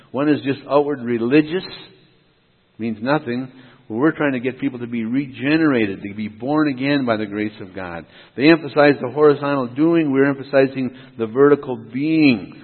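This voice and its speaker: Preaching man in an echoing hall. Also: medium pitch. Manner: emphatic, rhythmic contrasts, asks and answers himself. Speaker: pastor. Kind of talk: sermon. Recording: tinny phone-like sound with long hall reverb.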